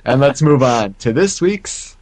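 A man's voice: medium pitch, expressive, a little slow, a little mellow. A man hosting a podcast casually, chuckling often as he steers the talk. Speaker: podcast host. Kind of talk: casual chat.

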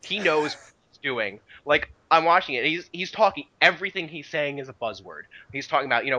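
A man's voice: a little high, lively intonation, normal speed, bright, forceful tone, highs cut off. A man co-hosting a casual podcast about video game history, rambling with many restarts and "you know" fillers. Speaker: podcast co-host.

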